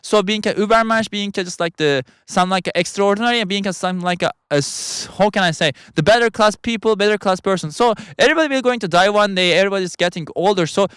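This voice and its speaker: A high, bright-voiced man talks through a philosophical monologue in halting, second-language English. He keeps starting over and reaching for words, and his tone stays smooth and clear. The sound is close and dry, with no room around it. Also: dry recording. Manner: halting, rambling, frequent restarts. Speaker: podcast host.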